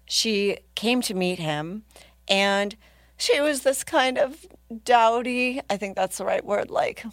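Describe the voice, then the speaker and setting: A woman's voice: mid-range voice, slow pace, dry recording. Woman in her 30s, comic guest, casual self-mocking storyteller, dry close mic. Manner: lively, laughing, self-mocking. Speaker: comedian guest.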